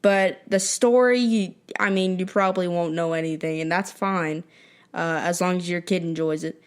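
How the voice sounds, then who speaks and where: A teenage girl co-hosting a podcast, talking casually in a dry, quick, offhand way. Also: on the low side, fairly even intonation, clean tone. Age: teens. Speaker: podcast co-host. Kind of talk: casual chat.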